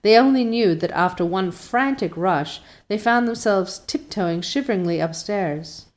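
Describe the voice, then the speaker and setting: A woman narrating a classic storybook in a measured, expressive way. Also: medium pitch. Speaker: audiobook narrator.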